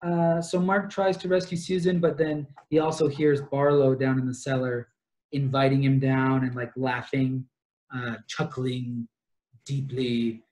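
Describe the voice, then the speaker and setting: A man's voice: mid-range voice, little pitch movement, measured pace, a little mellow. A young man in casual book-club talk, retelling a plot at length with lots of fillers and asides. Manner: rambling, detail-heavy retelling with many fillers. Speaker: podcast co-host.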